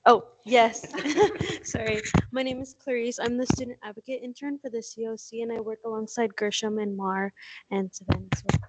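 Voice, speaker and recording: A woman student intern introduces herself at a meeting, slightly flustered and apologetic. Her voice is on the higher side, with faint noise behind her. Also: fairly even intonation, normal speed.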